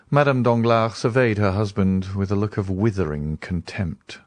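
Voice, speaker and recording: A man with a voice on the low side narrates a classic novel as an audiobook, measured and expressive. The studio-quality recording has no room sound.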